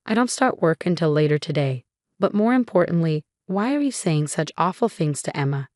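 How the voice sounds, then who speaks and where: A woman's voice: low voice, sing-song, moderate pace, darkish tone, no echo, clean studio sound. A woman reading the lines of a kind, protective young husband who speaks earnestly and firmly. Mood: stern.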